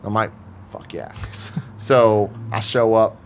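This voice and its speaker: A man's voice: fairly low pitch, takes it slowly, slight background noise. A young man telling a story in casual podcast chat, swearing freely and acting out the people he quotes. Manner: profane, animated, acts out quoted people. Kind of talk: casual storytelling among friends.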